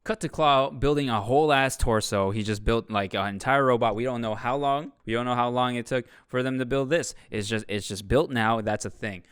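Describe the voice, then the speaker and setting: A man's voice: medium pitch, a little fast, few pauses, a bit bright, smooth, no echo, clean studio sound. A young man giving a casual, sarcastic movie review, swearing freely and acting out the characters. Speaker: video host reviewing a movie. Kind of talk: casual comedic commentary.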